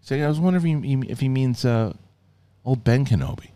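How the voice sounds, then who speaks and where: A middle-aged man giving a casual, rambling review of a show, often acting out scenes in quick mock voices. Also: medium pitch, dark tone, no echo.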